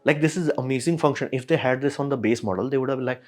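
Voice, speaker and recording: A man's voice: mid-range voice, racing. Frustrated man ranting about a camera. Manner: animated, frustrated, acts out imagined company replies. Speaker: camera reviewer. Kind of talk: ranting tech review.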